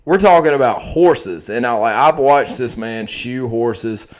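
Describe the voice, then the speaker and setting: Young man, podcast host, animated and profane, voice swooping up and down. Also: mid-range voice, a little slow. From Texas. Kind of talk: casual chat.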